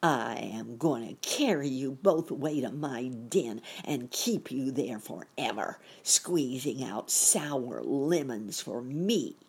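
A woman reading aloud plays a sour storybook creature who is sure that something bad will happen. He growls his lines in a low, gravelly voice. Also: expressive, takes it slowly, few pauses, a little mellow, heavily acted. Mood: growling. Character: grumbling gloomy male pessimist creature.

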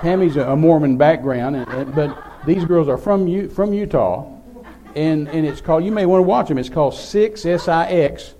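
A man's voice: fairly high pitch, moderate pace, mellow. An older man, telling a rambling, folksy story as a preacher. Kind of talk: sermon storytelling.

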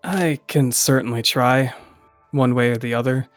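A friendly male player who speaks in character at an average pitch and laughs often, with faint music in the background. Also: a little slow. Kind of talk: in-character role-play.

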